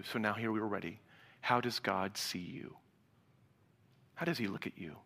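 Bright-voiced man preaching in a hall. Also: fairly low pitch, normal speed, gravelly, long pauses. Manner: animated, acts out dialogue, swings from loud to hushed. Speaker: pastor. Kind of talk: sermon. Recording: reverberant hall sound.

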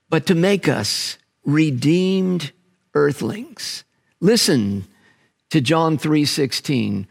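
A man preaching a sermon, animated and emphatic, stretching out key words. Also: on the high side, creaky. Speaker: pastor.

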